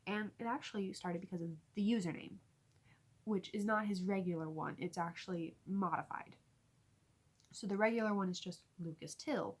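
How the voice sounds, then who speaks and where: Husky-voiced young woman telling a story. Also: medium pitch, moderate pace. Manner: animated, laughing storytelling. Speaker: vlogger. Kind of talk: storytime vlog.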